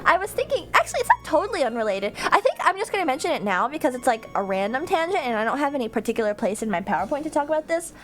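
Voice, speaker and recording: A woman's voice: sits high, sing-song, rapid-fire, hardly any pauses, fairly bright tone, soft background music. A woman streamer chatting casually with her viewers, rambling into tangents and laughing often.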